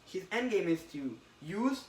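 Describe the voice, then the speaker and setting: Pria bersemangat dari mikrofon jauh. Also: male voice, high-pitched. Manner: excited, halting retelling with acted quotes. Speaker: podcast co-host recapping a comic. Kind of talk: casual chat. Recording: roomy, distant mic with faint hiss.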